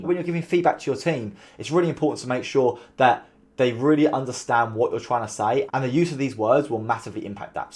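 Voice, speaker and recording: Fast-talking man giving business tips. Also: medium pitch. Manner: animated, mimics sarcastic tones to make points. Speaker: call center founder giving business advice. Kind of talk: casual talking-head advice video.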